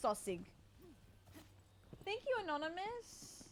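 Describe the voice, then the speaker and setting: A woman's voice: very high voice, big pitch swings, takes it slowly, very noisy. A woman chatting casually and playfully with her viewers while gaming, tired and swearing now and then. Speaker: streamer. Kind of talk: casual gaming stream chat.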